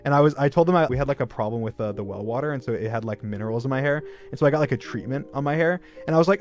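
A man's voice: mid-range voice, very fast, few pauses. A young man telling a long story on his livestream in a rambling, filler-heavy way that pokes fun at himself. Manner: rambling, filler-heavy, self-mocking, breaks into laughter. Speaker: streamer.

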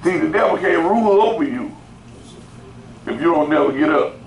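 Man, pastor, sermon, fairly high voice, repetitive call-and-response delivery, roomy church echo. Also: lively intonation, normal speed, long pauses. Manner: repeats words, call-and-response preaching with rising shouts. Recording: roomy echo, faint background noise.

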